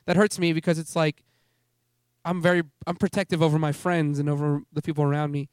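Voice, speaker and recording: A young adult man at a youth ministry gathering offers an earnest testimony sermon, wandering in thought and often self-interrupting to restart. His smooth, fairly high voice shows little pitch movement and a fairly quick pace, recorded in studio quality without echo.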